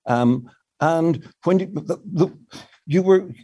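An older male songwriter, speaking as an interview guest, explains his craft at length in reflective answers full of restarts. His voice is fairly high, warm, and husky, and he takes his time.

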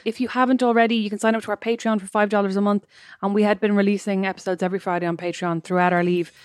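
A woman's voice: medium pitch, level tone, very fast, no echo. A woman in her thirties co-hosting a podcast, talkative and wry with self-deprecating humour. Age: 30s. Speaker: podcast co-host. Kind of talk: casual chat.

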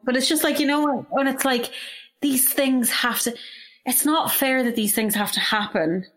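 A woman's voice: sits high, steady tone, normal speed, a bit bright. A young woman in casual chat, talking with heated emotion and frequent swearing. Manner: impassioned, emotional, swears freely.

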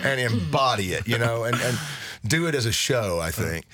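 A man telling stories in a relaxed, drawling way during a casual interview in a radio studio. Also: mid-range voice, normal speed, crowd noise. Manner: relaxed storytelling, drawling, lively quotes. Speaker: band member being interviewed.

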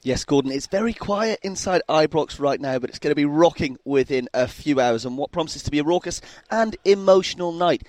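A man reporting live for sports radio from the stadium, lively and building excitement. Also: fairly high pitch, a little fast, hardly any pauses, no echo.

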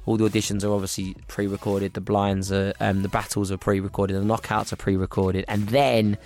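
A man chatting as a guest on a radio show, cheerful and quick to laugh, often repeating his words. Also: fairly low pitch, level tone, a little mellow. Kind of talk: casual radio chat.

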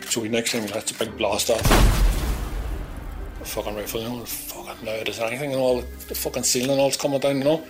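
A man with a Belfast accent from Northern Ireland, bluntly recounting a tense past night in casual, heavily sworn storytelling. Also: medium pitch. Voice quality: blunt, profane, animated retelling with acted-out quotes. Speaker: interviewee recounting his past. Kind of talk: vivid storytelling, heavy swearing.

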